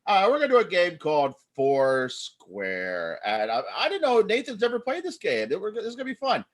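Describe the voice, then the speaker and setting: Excitable guy hosting improv on a video call, high voice that jumps all over, rambles a bit. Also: normal speed. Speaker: improv host. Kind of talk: live improv show hosting.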